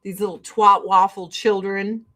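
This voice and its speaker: A woman's voice: medium pitch, flat delivery, unhurried, pushed and bright. A woman in her forties ranting casually and profanely to camera while getting ready. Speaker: vlogger.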